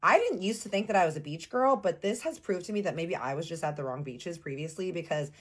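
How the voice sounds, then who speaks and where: A young woman from Texas telling a personal story in a casual vlog, animated, playful and slangy. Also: fairly low pitch, fast.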